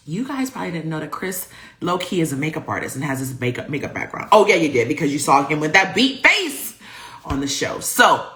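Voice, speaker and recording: A woman's voice: lowish voice, bright, forceful tone. A woman hosting a livestream show, hyped and playful as she greets viewers and reads out their comments over a video call. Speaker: host.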